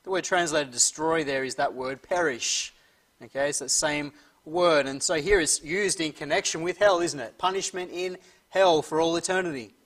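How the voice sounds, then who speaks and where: A man preaching a sermon who reads scripture slowly and emphatically and often clears his throat. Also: fairly high pitch, a bit bright. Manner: slow, emphatic reading of scripture.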